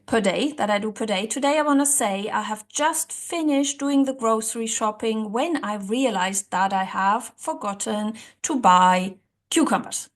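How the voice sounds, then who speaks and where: Speaking a little slowly in a higher-pitched voice, a woman runs a relaxed language-learning tutorial to camera. She's chatty, works things out aloud and laughs lightly.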